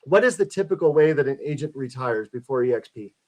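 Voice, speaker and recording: A man's voice: medium pitch, lively intonation, quick pace. A man co-hosting an interview show, introducing the topic and his guest in a chatty way and often repeating words as he starts over. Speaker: podcast co-host.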